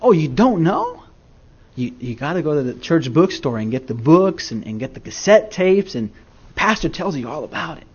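A man's voice: a little high, very animated, moderate pace, husky, lo-fi sound. A man playing a gushing elderly church lady. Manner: gushing, eager. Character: excitable elderly churchgoing woman.

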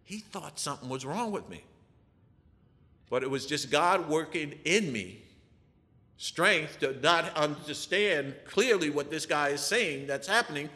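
Animated man telling a testimony. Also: fairly high pitch, measured pace. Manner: animated, asks the audience rhetorical questions. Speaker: person giving a testimony. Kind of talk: church testimony storytelling. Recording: long reverb of a large hall.

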